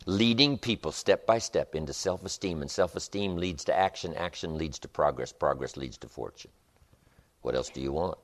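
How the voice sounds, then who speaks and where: A man's voice: low-pitched, normal speed. A man giving a live motivational seminar, speaking emphatically with rhythmic repetitions and storytelling. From United States.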